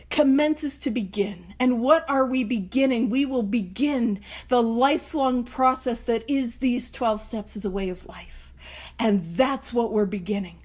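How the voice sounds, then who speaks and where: Earnest high-voiced woman explaining recovery steps. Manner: earnest, laughs often, acts out inner voices. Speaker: podcast host leading a Big Book study. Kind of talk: casual recovery study talk, reading and explaining.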